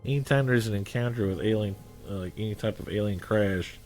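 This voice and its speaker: Lowish-voiced, rambling man. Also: fairly quick, a little mellow, faint music behind. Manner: rambling, filler-heavy. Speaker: podcast co-host. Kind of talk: casual chat.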